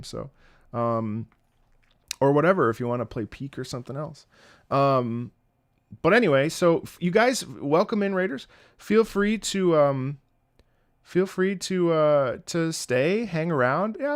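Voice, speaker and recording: Guy streamer with a creaky gravelly voice, rambling chat with his viewers. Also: medium pitch. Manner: chatty, rambling, joking with chat.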